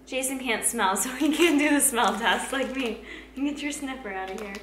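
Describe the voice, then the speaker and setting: A woman fitness vlogger chatting casually through a snack taste test, laughing often and filling pauses with "like" and "um". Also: high-pitched, a bit bright. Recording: echoey room, faint background hum.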